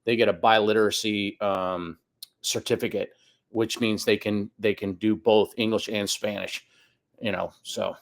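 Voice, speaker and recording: A man's voice: lowish voice, fairly even intonation, unhurried. A man in his fifties telling a long personal story as a guest on a podcast, acting out the voices of the people he quotes. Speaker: guest soccer coach. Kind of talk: casual storytelling interview.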